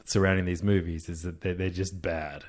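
A man with a lowish voice, trading jokes in a casual film review chat. He restarts his sentences often and repeats words before landing a point. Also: level tone, normal speed. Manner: joking, stammering restarts.

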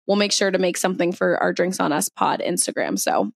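A woman's voice: on the low side, animated, a little fast, gravelly, dry recording. A young woman co-hosting a podcast in casual chat, talking chattily with lots of fillers and giggles. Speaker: podcast co-host.

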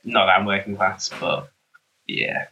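Young man, podcast co-host, low-ish pitch, bright tone, halting casual chat. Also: fairly even intonation, highs cut off. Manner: halting, restarts often, chuckly.

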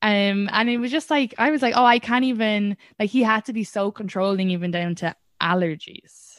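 A young Irish woman, a comedian guest, telling stories in a casual podcast chat with lively restarts. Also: mid-range voice, brisk, no echo, studio quality. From Ireland. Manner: animated storytelling with frequent restarts and laughs.

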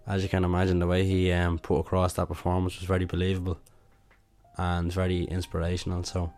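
A man's voice: low voice, a little mellow. A young man with a Dublin Irish accent, hosting a casual solo podcast, rambling with lots of fillers and restarts. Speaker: podcast host and musician.

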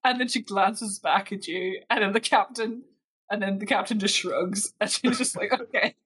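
A woman running a tabletop game as game master, describing the scene in a chatty, loose, giggly way. Her voice sits at a middling pitch, easy and casual. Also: normal speed, fairly bright tone, breathy edge. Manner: chatty, giggly storytelling with many "like"s.

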